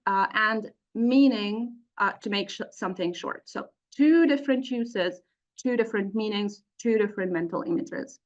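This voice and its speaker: Slow, measured woman giving a webinar lesson. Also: on the high side. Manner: explains step by step with many fillers. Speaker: teacher trainer. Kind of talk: webinar lecture. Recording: dull lo-fi webinar audio.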